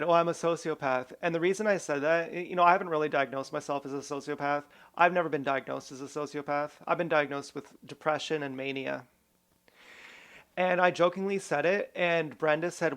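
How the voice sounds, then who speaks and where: A man's voice: a little high, fairly bright tone. A man talking straight to camera in a rambling, irreverent personal monologue, swearing freely and jumping between grievances. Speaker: vlogger.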